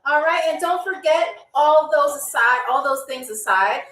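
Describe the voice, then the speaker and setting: High-voiced woman hosting a live stream. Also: moderate pace, fairly bright tone. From New York. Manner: chatty, playful, talks straight to viewers. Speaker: live game show host. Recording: echoey room, distant mic, faint music.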